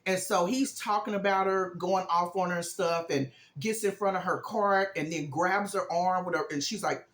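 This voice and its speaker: A woman's voice: fairly low pitch, fairly even intonation, moderate pace, a bit bright, echoey room. A woman in a casual vlog, telling a movie plot in a chatty way, full of fillers and acted-out lines. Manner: chatty, acts out characters' lines with emphasis; frequent fillers like "um" and "this, this, and that". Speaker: vlogger recapping a movie. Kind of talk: casual storytelling recap.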